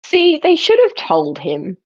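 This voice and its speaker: A woman's voice: fairly high pitch, wildly swooping pitch, unhurried, a little mellow. A woman reacting emphatically in a casual podcast chat about a book. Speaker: podcast co-host. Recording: dull lo-fi sound.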